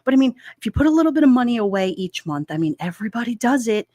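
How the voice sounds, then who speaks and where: A woman's voice: a little high, big pitch swings, racing, mellow, no echo. Chatty woman livestreamer, dry sound. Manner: chatty, rambling, laughs often. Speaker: livestream host reading chat. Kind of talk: casual chat.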